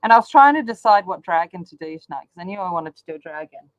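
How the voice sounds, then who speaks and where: A woman's voice: on the low side, lively intonation, fast, no echo, dull audio. A woman chatting casually while she colours, rambling along with lots of ums. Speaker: colouring channel host. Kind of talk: casual chat while colouring on a live stream.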